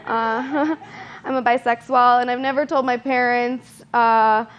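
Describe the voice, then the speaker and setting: A young woman performing a stand-up comedy set, self-deprecating and deadpan, with frequent ums. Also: a little high, measured pace. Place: comedy stage. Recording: dull lo-fi live recording.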